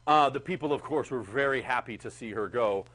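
A man teaching a history class in a classroom, animated and chatty, often checking in with the students. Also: mid-range voice, brisk, low-quality recording. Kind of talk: classroom lecture.

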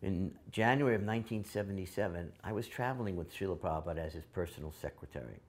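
A man with a low, deep voice recalls past travels in an interview. He speaks in a measured, reflective way. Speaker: interviewee recounting memories. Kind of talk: calm reminiscence.

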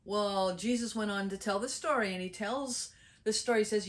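A woman preaching a sermon, telling a parable in a lively storytelling way. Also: medium pitch, moderate pace. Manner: animated storytelling, acts out characters.

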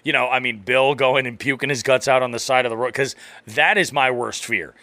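Man, podcast co-host, animated storyteller, amused, bright tone, dry close sound. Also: medium pitch, fairly quick, no echo. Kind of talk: casual podcast chat.

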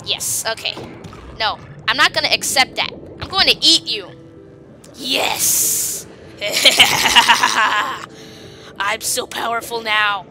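A woman giving casual, excitable commentary on her gameplay, taunting creatures on screen and giggling often. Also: fairly high pitch, slow pace, soft background music. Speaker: gaming video host.

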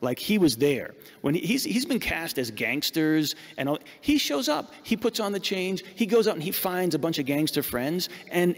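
A man's voice: fairly high pitch, big-room sound. A man preaching a sermon as a priest, emphatic and repeating words as he searches for them.

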